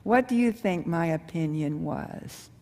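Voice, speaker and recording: Lively woman teaching a seminar in a hall. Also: fairly low pitch, unhurried. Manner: folksy, animated, with rhetorical questions and acted-out quotes. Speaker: marriage and communication speaker. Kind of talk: seminar talk to a live audience. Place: large hall or church with an audience. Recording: live hall with long reverb.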